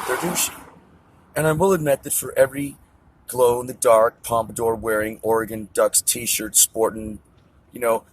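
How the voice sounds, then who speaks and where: A man's voice: mid-range voice, breathy edge. A middle-aged man venting in an agitated, profane, tangent-jumping monologue to camera. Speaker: vlogger. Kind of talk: ranting monologue.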